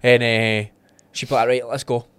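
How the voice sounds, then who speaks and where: A Scottish podcast co-host tells lively stories in casual chat, acting out other people's lines and laughing often. His ordinary male pitch comes across clear and resonant at a moderate pace, in a dry, close recording with no echo or room sound.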